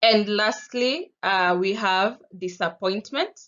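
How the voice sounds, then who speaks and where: A woman's voice: medium pitch, measured pace, few pauses, fairly bright tone. A woman teacher with a Kenyan accent, explaining a lesson patiently with spoken examples. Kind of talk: recorded classroom lesson. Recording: dull lo-fi sound.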